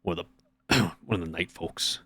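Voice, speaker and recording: A man's voice: deep voice, moderate pace, bright, forceful tone. A man streaming, chatting casually, swearing often and acting out little scenes. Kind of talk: casual chat.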